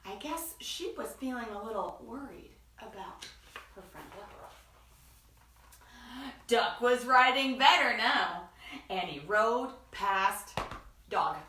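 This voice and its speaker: Animated woman reading a storybook. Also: on the high side, takes it slowly, pauses often, echoey room, distant mic. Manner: expressive, animated, asks listeners questions. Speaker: teacher reading aloud. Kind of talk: storybook read-aloud.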